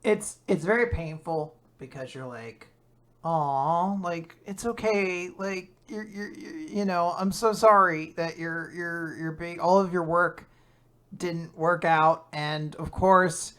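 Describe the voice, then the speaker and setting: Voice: mid-range voice, slow pace, fairly bright tone. Enthusiastic podcast co-host with casual swearing. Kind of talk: casual chat reacting to a manga chapter.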